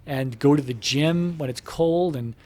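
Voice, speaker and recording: A man's voice: a little high, measured pace, darkish tone. Rambling man chatting while gaming. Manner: meandering, filler-heavy, swears casually, breaks off to comment on the game. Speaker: gamer talking to viewers while playing. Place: home computer room in an apartment.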